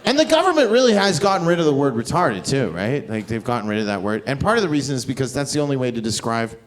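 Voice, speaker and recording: Brash profane stand-up man, lively pitch. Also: fast talker, poor audio. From Canada. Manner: brash, profane, shifts into mocking voices. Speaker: stand-up comedian. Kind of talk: stand-up comedy with crowd work. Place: comedy club stage with live audience. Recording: live club recording with loud crowd and noise. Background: audience laughter and cheering.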